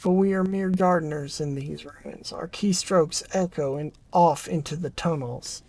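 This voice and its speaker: A performer reading a narrative game aloud, voicing a gloomy aging scientist in a hushed, low, drawn-out way. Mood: brooding. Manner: mournful, brooding, dwells on loss. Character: gloomy aging scientist who calls himself a king. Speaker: game character voice.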